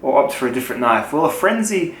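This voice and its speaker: A man's voice: mid-range voice, very animated, quick pace, fairly bright tone. A young Australian man answering viewer questions in a loose, joking way, swearing freely. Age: young adult. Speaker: channel host. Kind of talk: casual Q&A chat. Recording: echoey room with faint noise.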